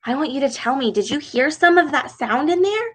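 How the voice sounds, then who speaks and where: A woman reading a storybook aloud to young children and teaching a speech sound, talking in a slow, exaggerated, encouraging way. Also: high-pitched, lively intonation.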